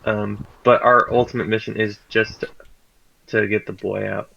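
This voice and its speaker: A man playing in a casual tabletop game, relaxed and joking around. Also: fairly low pitch, a little slow, vocal fry. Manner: relaxed, chuckling, loose joking. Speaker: player. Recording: dull lo-fi mic.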